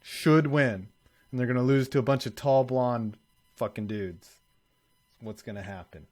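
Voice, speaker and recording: A man's voice: medium pitch, moderate pace, dark tone. Profane, ranting sports show host, a man. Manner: profane, ranting hot takes. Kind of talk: casual live-stream banter.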